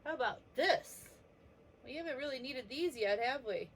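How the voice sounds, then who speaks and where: A woman teaching a preschool letter lesson, gently sounding out each letter for young children. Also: high voice, animated, moderate pace, slight background noise.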